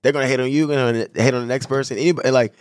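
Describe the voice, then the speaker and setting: A man from San Diego, a guest on a podcast, talking in a casual, animated, slangy way. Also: medium pitch, rapid-fire, no room sound, clean studio sound. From San Diego, California. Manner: animated, slangy, says "bro" and "you know what I'm saying" a lot. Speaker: podcast guest, clothing brand owner. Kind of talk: casual conversation.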